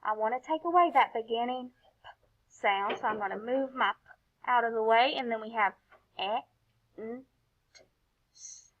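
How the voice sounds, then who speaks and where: A woman's voice: on the high side, a little fast. A woman teaching a recorded phonics lesson to young children, sounding out each letter and praising often. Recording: dull, lo-fi recording.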